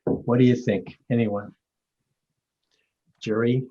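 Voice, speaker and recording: A man's voice: medium pitch, measured pace, darkish tone, lo-fi sound. A man in his seventies from Maine, telling stories and leading a discussion over a video call, with frequent restarts. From Maine, USA. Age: 70s. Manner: rambling, storytelling, frequent restarts. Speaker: award recipient leading a session. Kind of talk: reflective talk and discussion.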